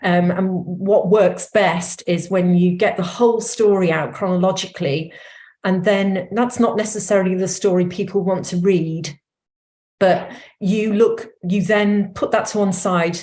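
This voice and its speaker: A woman from North Wales with a North Welsh accent, a memoir author answering interview questions in an animated way, laughing often. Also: medium pitch, a little slow. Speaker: memoir author and former editor.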